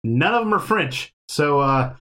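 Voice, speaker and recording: A man's voice: fairly high pitch, animated, a little slow, a bit bright. A man hosting a casual podcast chat, talking in a loose, rambling way and laughing often. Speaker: podcast host.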